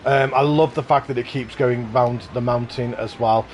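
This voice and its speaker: An upbeat man gushes casually over builds as he hosts a live walkthrough. His pitch sits in the middle range. A faint hiss of noise runs behind his voice. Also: fairly even intonation, moderate pace. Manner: enthusiastic, effusive praise. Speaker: livestream host touring contest parks.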